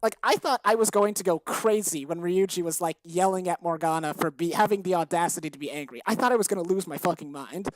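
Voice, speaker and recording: A woman's voice: lowish voice, quick pace, hardly any pauses, slight background noise, rough recording. Exasperated woman ranting on a podcast. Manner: heated, profane ranting with exasperated outbursts. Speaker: podcast co-host. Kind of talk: casual chat.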